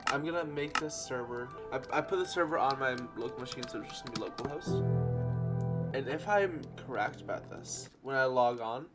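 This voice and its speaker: Excitable young man over game music. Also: fairly high pitch. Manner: excitable, gushing with nostalgia. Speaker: gaming youtuber. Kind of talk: casual gameplay commentary. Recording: game music playing behind the voice.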